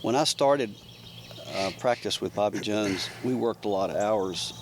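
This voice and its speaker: Brief: thoughtful older man, low voice, faint crickets in background. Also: noisy background. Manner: measured, thoughtful. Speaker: guest, brother. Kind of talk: casual reflective chat. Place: mountain cabin.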